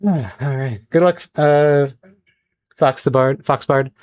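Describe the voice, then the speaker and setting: A man talks to his viewers on a casual livestream while he draws. He rambles along at an unhurried pace and laughs often. His voice sounds close and dry, with no room around it. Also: mid-range voice, steady tone, a little mellow, smooth, no echo. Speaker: streamer.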